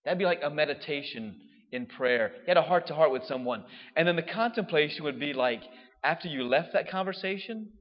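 A man's voice: a little high, lively intonation, brisk, long reverb tail, lo-fi sound. A man, a priest giving a casual homily, chatty and laughing as he tells stories. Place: church.

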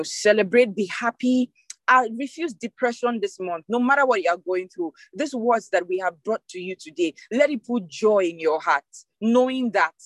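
Woman preaching on a video call, punchy and emphatic, repeats stuff, dry close sound. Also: no echo. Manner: emphatic, repeats phrases for emphasis, rising and falling pitch. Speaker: preacher leading an online devotional. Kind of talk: sermon.

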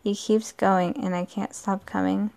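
Creaky-voiced woman reading a story. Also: medium pitch, flat delivery, unhurried, darkish tone. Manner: plain reading with frequent slips and restarts. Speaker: story reader. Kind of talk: first-person story narration.

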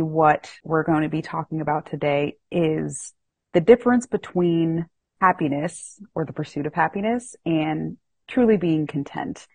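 Woman podcast host: low, husky voice, dry close sound, animated and self-mocking storytelling. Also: no echo. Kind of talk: casual storytelling chat.

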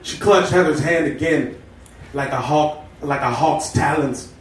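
Man reading a story deadpan on stage. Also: a little high, a little slow. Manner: deadpan storytelling, with stumbles and asides. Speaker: comedy reader. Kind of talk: live comedic reading of a story. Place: live comedy stage indoors. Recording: echoey room, distant mic, noisy.

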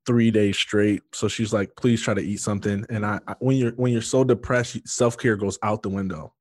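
A man's voice: on the low side, steady tone, normal speed, a little mellow, no echo. A man earnestly telling an emotional personal story in conversation, with many fillers and restarts. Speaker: guest sharing his testimony.

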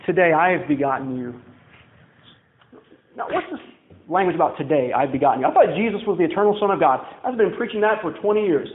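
Emphatic high-voiced preacher, tinny and echoey. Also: male voice, very animated, fast. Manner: emphatic, acts out quoted voices. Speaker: pastor. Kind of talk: sermon. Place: church.

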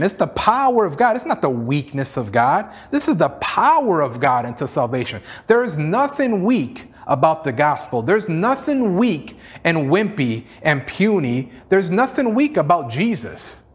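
A man's voice: on the high side, big pitch swings, normal speed, hardly any pauses. A male pastor preaching a sermon in an emphatic, repetitive style, sprinkled with "you know" and small chuckles.

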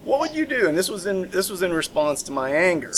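A man speaks as a guest on a casual call-in radio show, telling a story in loose speech full of restarts and repeats. His voice sits a bit high for a man, with faint noise behind it. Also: very animated, fast talker, rough recording.

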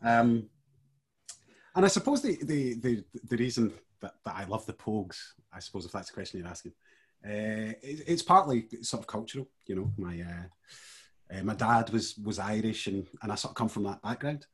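A man, from the west of Scotland, chatting as a podcast guest, hesitant and halting with frequent laughs. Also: on the low side, expressive, breathy edge. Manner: hesitant, many fillers and restarts, laughs easily. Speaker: guest curator. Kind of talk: casual chat.

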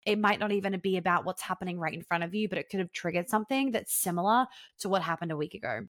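A woman's voice: lowish voice, fast, a bit bright, no echo, clean studio sound. A young woman talking casually and frankly on a podcast, acting out the voices of people she quotes. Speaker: podcast guest.

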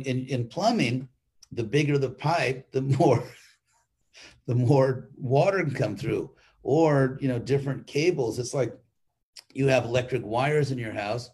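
Husky older man giving a talk. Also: mid-range voice, unhurried, a little mellow. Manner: conversational, rambling, with frequent restarts. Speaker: monk teaching a weekly class. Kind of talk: informal spoken class.

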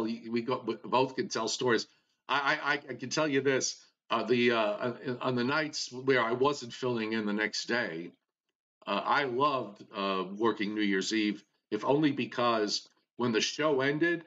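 A man co-hosting a weather show, chatting casually in a relaxed, halting way with many restarts. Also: mid-range voice. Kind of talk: casual chat. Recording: dull lo-fi sound.

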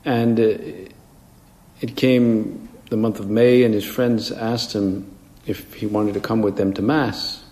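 Gravelly priest preaching in an echoey hall. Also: male voice, on the low side, steady tone, slow, warm tone. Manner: conversational, acts out quoted voices. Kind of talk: homily. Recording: echoey hall with long reverb.

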